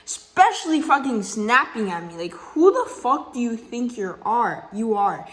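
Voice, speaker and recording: A woman's voice: fairly high pitch, very animated, a little slow, fairly bright tone. Heated, slangy teenage girl vlogging. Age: teens. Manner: heated, slangy, heavy on "like" and swearing. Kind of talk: casual storytime vlog. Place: at home, just woken up. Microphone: phone camera.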